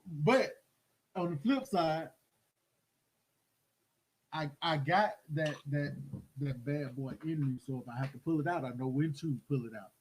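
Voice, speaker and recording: A middle-aged man telling a story in casual chat, animated and acting out the voices of the people in it. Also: a little high, measured pace, pauses often, husky, rough recording. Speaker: host.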